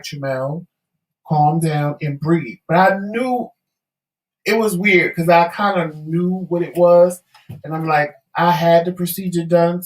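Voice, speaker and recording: A man co-hosting a talk show, telling a story casually and acting out the voices of the people in it. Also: on the high side. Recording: echoey room.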